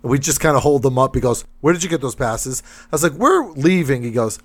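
A man's voice: mid-range voice, a little fast, few pauses. A man from Massachusetts casually telling a funny story on a podcast, acting out other people's lines. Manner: animated anecdotes, acts out other people's lines, laughs often.

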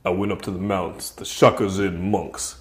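A man voicing a washed-up, pompous former rollerball champion in a low, hushed, self-important comic radio voice. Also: flat delivery, moderate pace, close to an everyday voice. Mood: solemn. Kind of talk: comedic radio character voice.

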